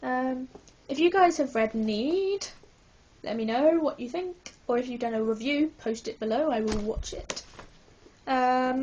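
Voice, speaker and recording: A woman's voice: sits high, unhurried, a little mellow, a little hiss or hum. A woman vlogging a casual book review, hyper and giggly, rambling with lots of apologetic asides.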